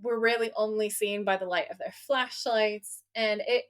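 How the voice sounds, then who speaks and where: A woman co-hosting a podcast, recapping a TV episode in a chatty, animated way with lots of asides. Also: medium pitch, normal speed. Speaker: podcast co-host. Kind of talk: casual chat recapping a TV episode.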